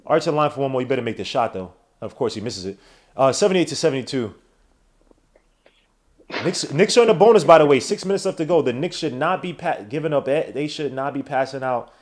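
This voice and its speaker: A podcast host calls a basketball game play by play on a live watch-along, using slangy, excitable talk that erupts into shouts at big plays. His voice is mid-range and a little fast.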